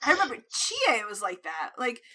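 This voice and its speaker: A woman co-hosting a casual fan podcast, talking in a thoughtful way and trailing off softly. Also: fairly high pitch, huge pitch swings, moderate pace. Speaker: podcast co-host.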